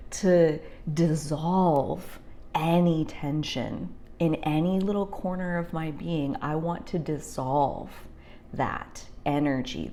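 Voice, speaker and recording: A young woman talking through a heartfelt personal reflection, rambling with many fillers and sometimes dropping to a soft near-whisper. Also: sits low. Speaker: spiritual vlogger.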